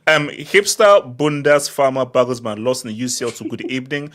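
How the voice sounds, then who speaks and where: Male host, chatty and teasing, lively pitch, video-call audio. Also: moderate pace. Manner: laughing, teasing, reads comments aloud. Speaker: host reading chat. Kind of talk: casual group chat.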